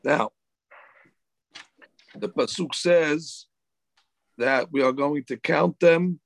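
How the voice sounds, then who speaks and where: A man's voice: on the high side, extremely slow, vocal fry, no echo, poor audio. A man, a rabbi, teaching a Torah class, reading Hebrew verses and explaining them in English.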